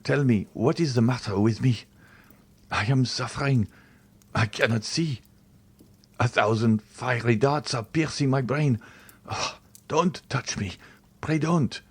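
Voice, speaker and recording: A man's voice: medium pitch, takes it slowly, long pauses, fairly bright tone, breathy edge, dry recording, pitched above the performer's own voice. A man voicing an old male servant in pain, pleading in a raised, strained voice. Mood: agonized. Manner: pained, pleading.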